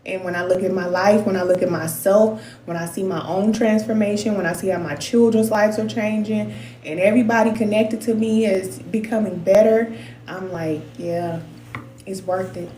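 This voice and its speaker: A woman's voice: medium pitch, fairly even intonation, normal speed, dark tone, a little hiss or hum. A middle-aged woman giving spiritual advice to her viewers in a candid, emotional, slangy way. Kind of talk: casual heartfelt talk to viewers. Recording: roomy echoey sound.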